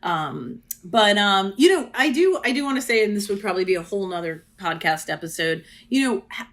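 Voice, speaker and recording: A woman's voice: on the low side, fairly bright tone. Chatty woman hosting a podcast. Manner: chatty, curious questioning. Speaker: podcast host. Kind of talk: casual podcast interview chat.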